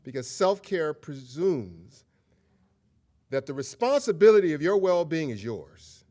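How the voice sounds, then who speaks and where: A man's voice: a little high, big pitch swings, a little slow, mellow. A middle-aged man giving a public lecture, telling personal stories in a candid, conversational way. He often checks in with the audience and slips into a humorous, preacher-like rhythm. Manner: humorous, preacher-like cadence at times. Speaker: guest lecturer.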